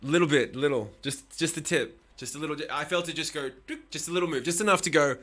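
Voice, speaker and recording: A man's voice: a little high, fast, few pauses, a bit bright. A man hosting a live stream, chatting casually with his viewers, swearing often and teasing them with bursts of laughter.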